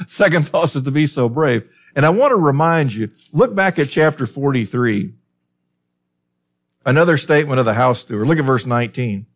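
A man's voice: mid-range voice, animated, moderate pace. Male preacher asking rhetorical questions. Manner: conversational, asks rhetorical questions. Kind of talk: expository sermon.

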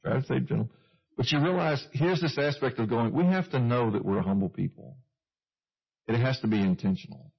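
A man's voice: mid-range voice, a little fast, gravelly, breathy edge, dull audio. A man preaching a conversational sermon, chuckling at himself now and then. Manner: conversational, with self-deprecating asides and chuckles.

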